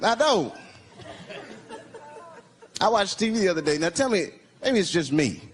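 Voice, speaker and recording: A male stand-up comedian who tells profane, incredulous bits in an animated way. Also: sits high, moderate pace, slightly rough, some chatter behind. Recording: live show with audience laughter and noise. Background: audience laughter.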